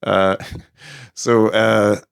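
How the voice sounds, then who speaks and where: A podcast co-host tells stories in casual conversation, rambling and animated, with many fillers and restarts. His fairly low voice is very slow, creaky yet smooth. The dry recording is studio quality.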